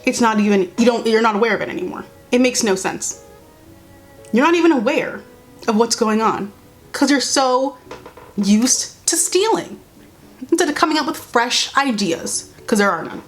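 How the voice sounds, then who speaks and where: A woman's voice: on the high side, lively intonation, moderate pace, soft background music. A young woman vlogging casual commentary while doing her makeup, blunt, sarcastic and exasperated.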